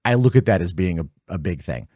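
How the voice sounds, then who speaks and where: Man, forties, low-pitched host, excitable film chat, dry close sound. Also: fairly quick, no echo. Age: 40s. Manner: animated, jumps high in pitch when excited. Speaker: podcast host. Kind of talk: casual film commentary.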